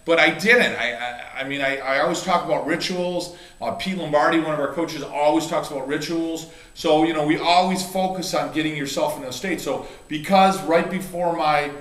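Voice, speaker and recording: A man's voice: on the high side, normal speed, hardly any pauses, a bit bright, echoey room. A middle-aged man, a chiropractor and coach, telling a heartfelt story in a rambling way, with many restarts and fillers. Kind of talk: casual video talk.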